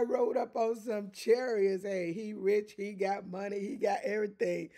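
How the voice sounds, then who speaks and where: Slow, chuckling informal Bible teacher. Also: medium pitch, gravelly. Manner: animated, chuckling often, conversational and repetitive.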